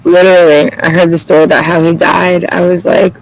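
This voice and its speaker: A man's voice: high-pitched, level tone, a little fast, slight background noise, poor audio. A man chatting casually to viewers on a livestream, rambling and swearing freely, laughing often.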